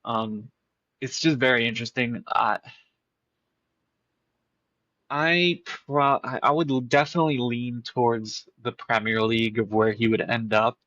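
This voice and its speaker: A man's voice: medium pitch, normal speed, sharp tone, dry recording, muffled recording. A man co-hosting a casual football podcast, thinking aloud and repeating words as he builds a point. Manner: thoughtful, repeats words while forming a point. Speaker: podcast co-host.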